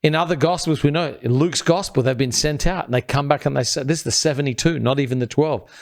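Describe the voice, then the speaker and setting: A man co-hosting a talk show, explaining a Bible passage in an earnest, step-by-step teaching style, and dropping quiet and low when he quotes scripture. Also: fast talker. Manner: earnest, builds points step by step. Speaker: podcast co-host.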